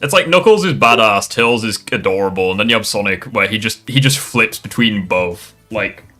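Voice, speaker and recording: Lively laughing man. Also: lowish voice, moderate pace. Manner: laughing, swearing, rambling. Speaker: streamer host. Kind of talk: casual reaction chat.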